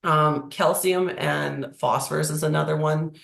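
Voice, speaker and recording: A presenter with a croaky, hoarse voice from a cold, explaining slides in a webinar over a video call. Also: medium pitch, steady tone, unhurried, fairly bright tone. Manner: explanatory, walking through slides. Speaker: agricultural presenter. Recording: echoey room.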